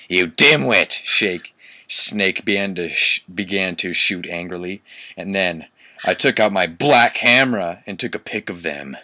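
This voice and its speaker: Slow, laughing male reader. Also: low voice, sharp tone. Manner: amused, laughing often, stumbling over misspellings. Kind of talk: comedic reading of fan fiction aloud.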